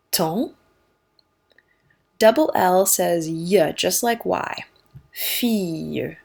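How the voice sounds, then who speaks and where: A young woman, a French teacher, giving a casual and upbeat beginner lesson in a chatty, informal way. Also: lowish voice. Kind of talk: casual online language lesson.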